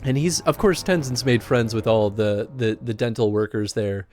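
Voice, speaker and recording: A man's voice: lowish voice, moderate pace, darkish tone, soft background music. A man hosting a livestream, chatting casually in a rambling way while playing a game. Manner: rambling, with restarts and laughter. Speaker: livestream host.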